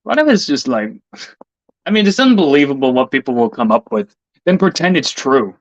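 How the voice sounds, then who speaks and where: A man's voice: medium pitch, very animated, moderate pace, no echo. Heated, profane man ranting on a lo-fi mic. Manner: profane, heated, stammering repeats. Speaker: vlogger. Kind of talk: casual rant. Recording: dull lo-fi dry recording.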